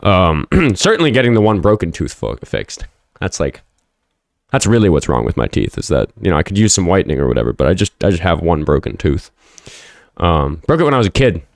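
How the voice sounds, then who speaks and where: A man's voice: low voice, very animated, a little fast, creaky, no room sound, clean studio sound. A man hosting a casual livestream, chatting and rambling, swearing freely and snapping back at commenters. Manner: profane, combative toward chat, rambling. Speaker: livestream host.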